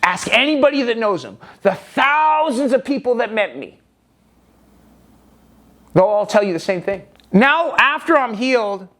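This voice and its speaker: Vlogger, male, high register; emphatic, rambling first-person storytelling with restarts. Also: animated, unhurried, fairly bright tone.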